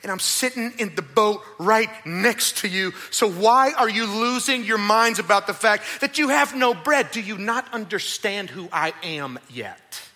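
A man preaching a sermon, voicing Jesus as an exasperated teacher who presses with loud questions. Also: high-pitched, expressive, measured pace, few pauses, exaggerated voice.

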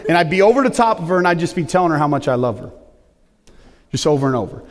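Middle-aged male pastor, high and booming, big emphatic sermon voice, long hall reverb. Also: fast, slight background noise. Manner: loud booming preaching voice, lively and emphatic.

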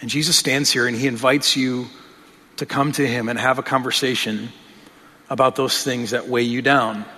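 A man's voice: mid-range voice, fairly even intonation, normal speed, bright, forceful tone. A male pastor preaching a sermon in an earnest, conversational way, often restarting his phrases. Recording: long reverb of a large hall.

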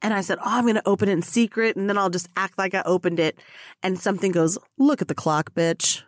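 A woman's voice: mid-range voice, quick pace, no room sound. Dry-voiced woman hosting a solo podcast. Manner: animated, swears freely, laughs and talks to herself. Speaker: podcast host.

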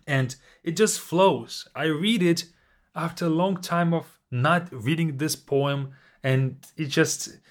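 A man teaching a language class, reciting poems slowly and expressively, then explaining each line in a reflective, halting way. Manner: slow, expressive recitation with lively pitch. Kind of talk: reading and explaining poetry.

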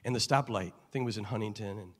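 A man's voice: on the low side, fast talker. Preaching man from Chicago in a hall. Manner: storytelling with acted-out dialogue, swinging between loud and hushed. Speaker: pastor. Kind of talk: sermon. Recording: long reverb of a large hall.

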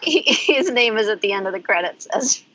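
A woman co-hosting a casual chat, agreeing readily, laughing often and trading quick replies. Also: fairly high pitch, expressive, sharp tone, dry recording. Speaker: podcast co-host. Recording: slightly dull lo-fi sound.

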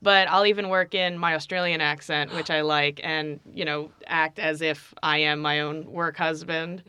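A woman's voice: sits low, fairly even intonation, moderate pace, sharp tone, clean tone, dry recording. A woman comedian and impressionist, chatting as a podcast guest in a bubbly way and laughing often. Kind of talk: casual podcast chat.

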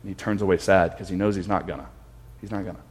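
A male pastor preaches a reflective sermon with a low voice. He repeats his phrases for emphasis and often drops to a quieter tone. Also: steady tone, quick pace.

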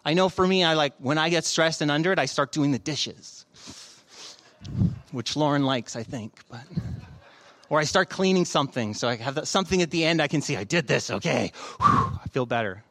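Guy in his 30s with a high voice, pastor giving a chatty sermon, tells stories, asks questions. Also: brisk, a bit bright. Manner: conversational, storytelling with rhetorical questions. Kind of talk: sermon with scripture reading.

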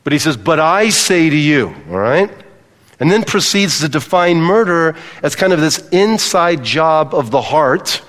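A man's voice: a little high, very animated, a little slow, fairly bright tone, big-room sound. A male pastor preaching a sermon, emphatic, repeating key phrases and calling on the congregation to respond.

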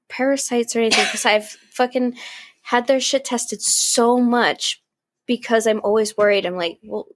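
A woman co-hosting a podcast in casual chat, swearing a lot, giggling and exclaiming. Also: mid-range voice. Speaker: podcast co-host.

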